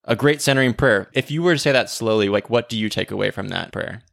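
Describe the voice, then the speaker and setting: Low gravelly guy cohosting a podcast, chatty, lots of "like", dry close sound. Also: quick pace, fairly bright tone, dry recording. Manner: conversational, frequent "like" and "right?". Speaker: podcast co-host. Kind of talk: casual faith discussion.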